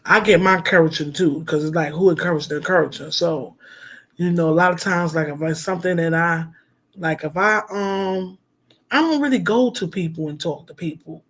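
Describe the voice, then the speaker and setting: A man's voice: a little high, moderate pace, a bit bright. A middle-aged man, a minister, talking heartfelt and rambling on a casual livestream, with lots of fillers.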